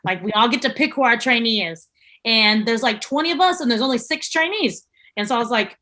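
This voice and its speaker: A young adult woman, a chef guest on a podcast, telling a story in animated casual talk and swearing freely. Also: fairly high pitch, brisk.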